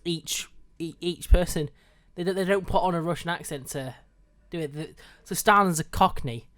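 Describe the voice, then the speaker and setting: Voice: mid-range voice, moderate pace, fairly bright tone, no echo. A young podcast co-host chatting casually about a film, with stumbling restarts.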